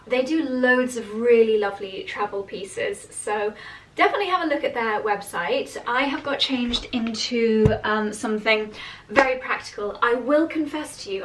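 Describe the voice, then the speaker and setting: A woman's voice: fairly high pitch, fairly bright tone. A woman in her thirties chatting casually to camera in a vlog, gushing and enthusiastic about what she shows. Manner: gushing and chatty, coos at a dog. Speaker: vlogger. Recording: slightly distant mic with faint noise.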